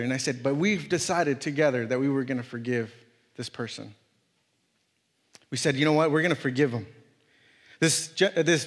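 In a large hall, a man in his thirties speaks as a guest preacher, recounting a personal story with earnestness and many halting restarts. He has a slightly high, somewhat bright voice.

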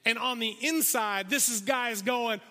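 A man preaching a sermon, telling a parable with animated storytelling and acting out the characters' voices. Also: very high-pitched, a little slow. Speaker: pastor. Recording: long reverb of a large hall.

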